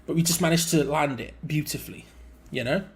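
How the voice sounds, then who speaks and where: A young man hosting a live football watch-along, mixing quick play-by-play with rambling chat and sudden excited outbursts. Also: fairly high pitch, vocal fry. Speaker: fan channel co-host.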